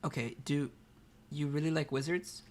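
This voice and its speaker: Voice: mid-range voice, moderate pace, close to an everyday voice. A reader voicing an articulate, dry-witted teenage girl who talks in elaborate phrases. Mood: wry. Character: verbose wry teen girl, articulate and dry. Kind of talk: reading comic dialogue aloud.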